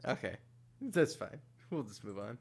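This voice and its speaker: A man's voice: mid-range voice, big pitch swings, normal speed, creaky, husky. A man hosting a stream, reading out viewer questions in an easygoing way with filler words. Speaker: stream host.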